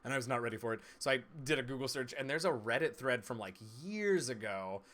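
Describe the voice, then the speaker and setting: A man from East Tennessee chats casually on a live stream. His diction is crisp and stage-trained, and his mid-range voice is playful and quick to laugh. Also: mid-range voice, lively intonation, fairly bright tone. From Southern United States, East Tennessee. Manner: chatty and playful, laughs easily. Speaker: streamer and game master.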